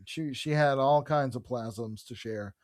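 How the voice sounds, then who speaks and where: Recorded at studio quality without echo, a man with a medium-pitched, darkish voice speaks unhurriedly. He co-hosts a podcast, chatting with enthusiasm about comic books and reading dialogue out loud.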